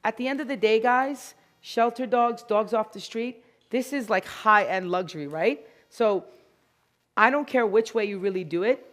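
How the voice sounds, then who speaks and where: Lady doing a grooming demo on stage, chatty, joking around, kinda high voice. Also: normal speed. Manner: energetic, chatty, jokey. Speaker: dog grooming demonstrator. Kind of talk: live grooming demonstration to an audience.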